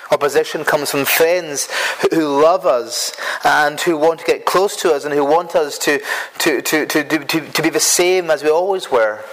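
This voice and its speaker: A man's voice: on the high side, fairly bright tone, poor audio. A man preaching an earnest sermon who often repeats himself and stumbles over words as he builds his points.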